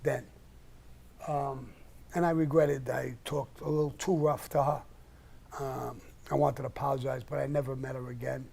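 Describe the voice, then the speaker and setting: A man's voice: mid-range voice, little pitch movement, moderate pace, a little mellow. An older man, hosting a live stream and telling blunt, profane stories in a casual way. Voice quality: gravelly. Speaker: live-stream host answering questions. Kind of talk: casual storytelling.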